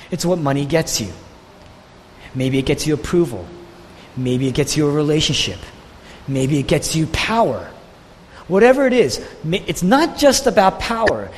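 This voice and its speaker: Animated preacher man in an echoing hall. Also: a little high, a little hiss or hum. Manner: emphatic, rhetorical questions, swings from loud to hushed. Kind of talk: sermon.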